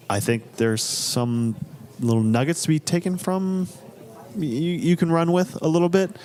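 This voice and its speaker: A man's voice: mid-range voice, darkish tone. A man co-hosting a podcast, talking casually with plenty of opinions and some hesitant restarts. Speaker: podcast co-host. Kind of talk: casual chat.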